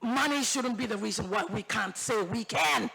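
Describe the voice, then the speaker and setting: A woman with a fairly high, bright, forceful voice, touched with vocal fry, speaks at a moderate pace. She is a Bougainville MP from Papua New Guinea with a Bougainville accent, delivering an impassioned debate speech in the parliament chamber, repeating phrases for emphasis and moving into Tok Pisin.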